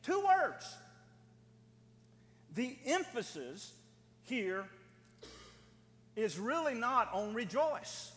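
A man's voice: very high-pitched, sing-song, extremely slow, long pauses, a bit bright. A man preaching a sermon as pastor, with emphatic delivery that repeats phrases for stress. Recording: long hall reverb.

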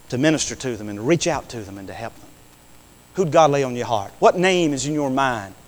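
A man preaching a sermon, repeating phrases and calling out to the congregation for an amen, moving between quiet storytelling and shouted climaxes. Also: medium pitch. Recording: echoey hall reverb.

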